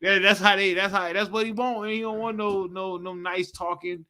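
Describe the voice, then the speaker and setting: High, bright-voiced man preaching in slang. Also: moderate pace, clear, resonant tone. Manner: animated, street slang, repeats "you know what I'm talking about". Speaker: teacher leading a live-streamed scripture class. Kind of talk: casual slangy preaching commentary.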